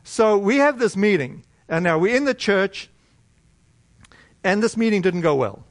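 A middle-aged American man preaching a sermon, telling a personal story in a conversational, animated way with many restarts. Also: high-pitched, a little slow, no room sound.

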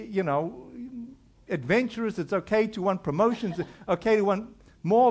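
A middle-aged male pastor preaching a conversational sermon, acting out quoted voices as he goes. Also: high-pitched.

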